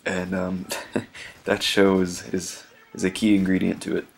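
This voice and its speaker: Male gameplay commentator, low gravelly voice, loose chatty rambler. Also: monotone, measured pace. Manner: rambling and chatty, many ums and restarts, chuckles often.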